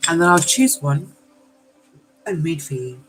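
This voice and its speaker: Slow-talking woman giving a tarot reading. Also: low-pitched, lively intonation, low-quality recording. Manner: exclamatory, swears then apologizes; affectionate, calls listeners darlings. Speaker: tarot reader.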